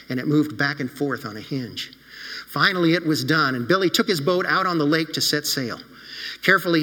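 A man preaching a children's sermon in the voice of an animated storyteller, often stopping to ask his listeners questions. His voice is bright and slightly high. A long reverb trails after him, as in a large hall.

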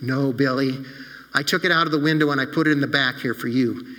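A man's voice: medium pitch, fairly even intonation, quick pace, bright, forceful tone, big-room sound, voice pushed down, close to an everyday voice, poor audio. A man doing a firm, matter-of-fact shopkeeper. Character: firm adult male shopkeeper.

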